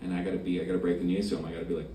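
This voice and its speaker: A man doing a stand-up comedy set on a club stage, brash and crude, swinging from loud punchlines to mumbled asides. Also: deep voice, little pitch movement, racing. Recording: roomy club sound from far off, loud crowd noise.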